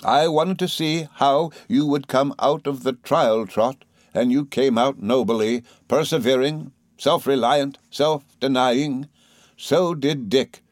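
A man reading aloud as an elderly aunt, speaking slowly and deliberately in a slightly raised voice. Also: mid-range voice, no room sound, clean studio sound, pitched above the performer's own voice, lightly acted. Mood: firm, composed. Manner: slow, deliberate, clipped. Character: stern composed elderly aunt, woman.

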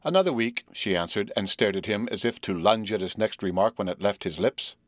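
A man reading a story aloud as narrator, in a measured, even way. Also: lowish voice, no echo, studio quality. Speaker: audiobook narrator. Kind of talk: scripted narration.

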